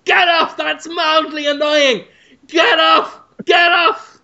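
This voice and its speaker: A podcast host voicing a famous older game designer who yelps and cackles in a shrill voice. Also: male voice, little pitch movement, slow, gravelly, sharp tone, dull audio, exaggerated voice. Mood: manic.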